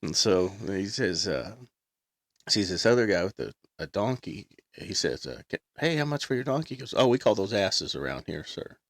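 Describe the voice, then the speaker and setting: A man's voice: fairly low pitch, very animated, moderate pace, no echo, studio quality. A man hosting a casual chat, rambling and losing his place as he retells an old joke.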